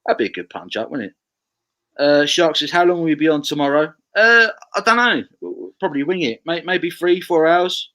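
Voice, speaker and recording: A man's voice: a little high, lively intonation, moderate pace, pushed and bright, low-quality recording. A man from England hosting a casual live stream, reading viewer comments aloud with frequent stammered restarts.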